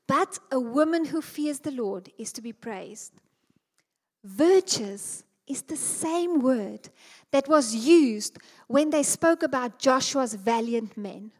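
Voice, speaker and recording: A woman preaching a sermon to a women's gathering, speaking with passion and climbing to emphatic peaks. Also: sits high. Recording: long hall reverb.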